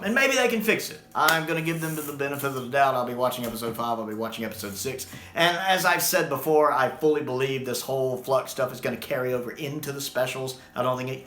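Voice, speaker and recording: A man ranting through a casual video review in an animated, exasperated way. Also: medium pitch, roomy sound, slight background noise.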